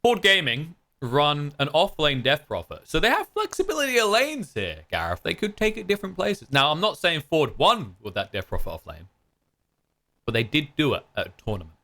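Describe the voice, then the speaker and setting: A man's voice: fairly high pitch, huge pitch swings, brisk, sharp tone. A man casting an esports match in casual commentary, joking and bantering playfully with his co-caster.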